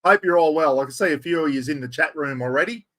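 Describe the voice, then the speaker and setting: A man's voice: on the high side, fast, fairly bright tone. A man with an Australian accent hosting a casual livestream on an external microphone, chatting and greeting viewers by name with broad slang. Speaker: livestream host.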